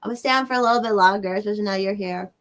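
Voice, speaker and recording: A Southern American woman with a mid-range voice talks very fast while hosting a livestream. She rambles loosely through a casual chat answering her viewers, swearing offhandedly as she goes.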